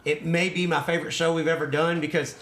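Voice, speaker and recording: A man's voice: fairly high pitch, flat delivery, quick pace, a bit bright. A man hosting a casual podcast chat, a former racer who talks loosely, laughs often and swears casually. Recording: echoey room.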